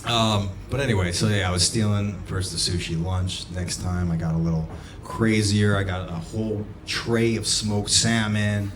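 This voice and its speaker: Man doing stand-up, low voice. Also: moderate pace, few pauses, noisy background. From United States. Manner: storytelling with sudden shouted bursts. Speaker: stand-up comedian. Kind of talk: stand-up comedy set. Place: comedy club stage. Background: audience laughter.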